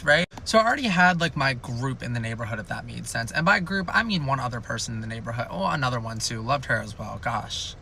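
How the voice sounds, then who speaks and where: A man's voice: medium pitch, lively intonation, fast, creaky, few pauses, sharp tone, slight background noise. A young man telling a rambling, jokey storytime in a chatty way. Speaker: storytime youtuber. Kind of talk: casual storytime.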